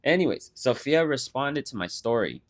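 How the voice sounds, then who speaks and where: A young man co-hosting a podcast, telling stories in a casual, animated way with swearing and mock voices. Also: mid-range voice, moderate pace. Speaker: podcast co-host. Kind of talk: casual chat.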